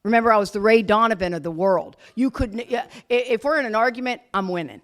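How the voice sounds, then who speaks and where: A woman speaking to a live audience as a guest speaker, telling her story with blunt, self-mocking humor, laughing often and loudly acting out what people said. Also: a little high, fast. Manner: animated, laughs often, acts out quotes loudly. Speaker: guest speaker at a recovery retreat.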